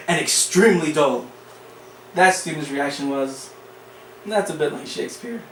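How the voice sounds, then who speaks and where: A man's voice: high-pitched, bright, forceful tone, a little hiss or hum. A man giving a classroom speech, hesitant, with many fillers and restarts. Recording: echoey room, mic at a distance.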